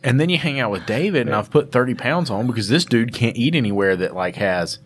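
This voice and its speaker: A man's voice: medium pitch, lively intonation, a little fast, breathy edge. A man with a Southern accent hosting a casual podcast chat, joking and teasing his guests. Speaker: podcast host.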